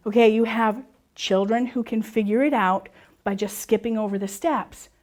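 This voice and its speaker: A woman leading a workshop for teachers, explaining reading rules step by step with quick questions and answers. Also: a little high, fairly even intonation, a little mellow. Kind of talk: presentation to teachers and parents.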